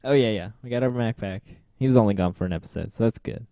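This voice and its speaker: A man co-hosting a podcast in casual chat, with a mid-pitched, dark and mellow voice. He sounds relaxed, laughs along and drifts into mock quotes. The recording is dry. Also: fast talker, no echo. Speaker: podcast co-host.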